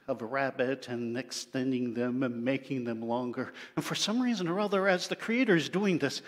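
A male pastor telling an animal story during a sermon, acting out the creatures as he goes. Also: medium pitch. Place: church sanctuary. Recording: long church-hall reverb.

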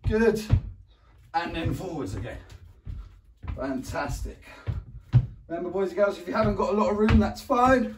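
This animated English man, a primary school PE teacher, speaks at a moderate pace and pauses often while running a home PE lesson for young kids. He urges them on, counts down, praises them regularly and throws in roars, squeaks and animal noises. There's background noise, an echoey room and a distant mic.

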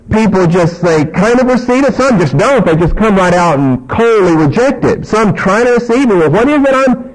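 A man's voice: a little high, poor audio. A man preaching a sermon, reading scripture aloud and acting out the dialogue with emphasis.

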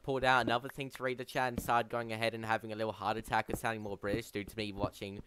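A man's voice: fairly low pitch, little pitch movement, rapid-fire, noisy background. A man streaming a game, chatting casually and rambling to his chat, calling them bro. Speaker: gaming streamer.

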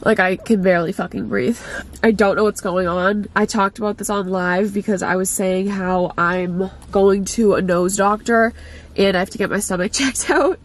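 Sitting in her car, a young woman vlogger with a stuffed-up nose chats bluntly and irritably, swearing a lot. Her voice is mid-range and steady in tone, and she talks at a normal speed.

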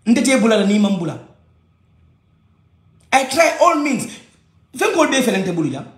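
A man's voice: high-pitched, big pitch swings, moderate pace. A man with a Gambian accent giving a heated personal rant, agitated and repeating his points. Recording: echoey room.

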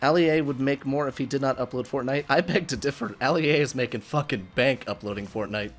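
A young man hosting a casual gaming livestream, excitable and swearing freely between laughs. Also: medium pitch, fast. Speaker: livestream host.

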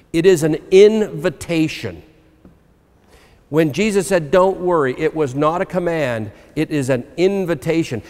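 A man's voice: fairly high pitch, darkish tone. A man preaching a sermon as pastor, earnest and personal, reading scripture and telling his own story. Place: church sanctuary. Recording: long hall reverb.

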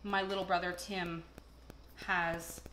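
A woman with a fairly low, pushed, bright voice and little pitch movement speaks slowly while hosting a casual cooking video. She rambles through stories with plenty of fillers. The echoey kitchen has clattering dishes and slight background noise.

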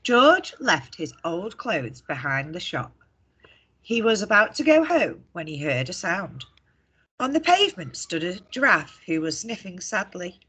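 A woman teacher reading a picture book aloud to children, expressive and asking them questions. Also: fairly low pitch, measured pace, slightly rough. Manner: expressive, asks the listeners questions. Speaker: primary school teacher. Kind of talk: storybook read-aloud for children.

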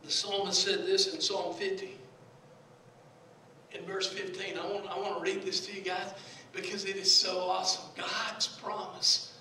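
High-voiced preacher man in echoey church. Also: flat delivery, normal speed, distant mic, a little hiss or hum. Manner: impassioned preaching, repeats words, swings between quiet and shouting. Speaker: pastor. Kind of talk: sermon. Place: large near-empty church.

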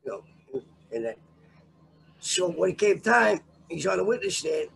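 An older man spins a profane story as a guest in a casual interview. His voice sits high and gravelly, and it swings widely in pitch as he acts out the scene. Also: big pitch swings, measured pace, a bit bright, a little hiss or hum.

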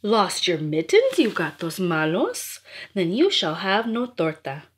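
A woman's voice: on the low side, huge pitch swings, measured pace, husky, full character voice. A woman voicing a mother cat in a storybook rhyme, talking to her kittens. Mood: scolding.

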